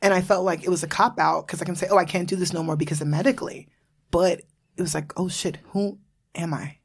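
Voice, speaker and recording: A woman's voice: lowish voice, steady tone, quick pace, breathy edge. A woman in her thirties from Florida, hosting a casual podcast chat, bubbly and laughing often, swearing freely. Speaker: podcast host.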